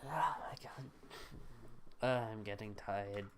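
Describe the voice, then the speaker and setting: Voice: mid-range voice, slow pace, very noisy. A young adult livestreamer at home, chatting casually with viewers and thinking aloud while playing. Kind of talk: casual gaming stream chat. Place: at home, neighbors next door.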